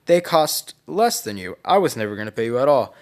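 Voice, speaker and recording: A man's voice: medium pitch, big pitch swings, a little fast, lightly acted. A man voicing a greedy, scheming male crime boss who sneers at those he betrays. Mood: sneering.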